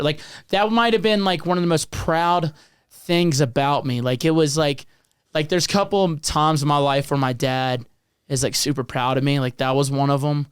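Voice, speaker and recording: A man's voice: fairly high pitch, normal speed, clean tone, dry recording, clean studio sound. A young man telling stories with a Southern drawl. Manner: storytelling, laughing, swears freely. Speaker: comedian podcast co-host. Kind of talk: casual chat.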